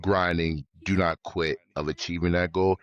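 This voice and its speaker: A young American man, a college football player, talking as a guest in a remote interview, relaxed and halting, often repeating himself. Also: low voice, lo-fi sound. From United States. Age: young adult.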